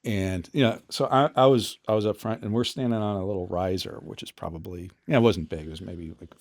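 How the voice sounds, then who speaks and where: A middle-aged man with a low voice talks through his stories as a podcast guest. He is loose and easygoing, laughing as he goes and often restarting a sentence before he lands it. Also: fairly quick. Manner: relaxed, chuckling, trailing restarts. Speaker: podcast guest, finance executive. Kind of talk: casual storytelling chat.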